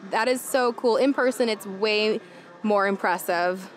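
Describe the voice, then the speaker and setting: A woman's voice: mid-range voice, a little slow. A young woman vlogging with gushing, chatty enthusiasm as she tastes food and drinks at a hotel rooftop bar. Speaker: travel vlogger. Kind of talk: casual food and travel vlog. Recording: noisy crowded bar. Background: loud crowd and chatter.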